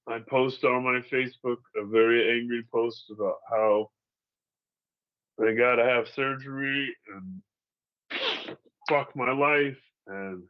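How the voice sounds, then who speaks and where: Speaking at medium pitch with the high frequencies cut off, a man in his forties from Seattle recounts surviving an ordeal. His storytelling is candid, casual and profane, with laughter over the difficult moments.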